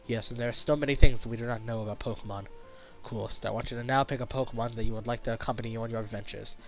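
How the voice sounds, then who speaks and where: A man voicing a calm, kindly male professor who is new in town, reading his lines in a low, hushed, measured voice. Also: close to an everyday voice, low-quality recording. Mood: earnest.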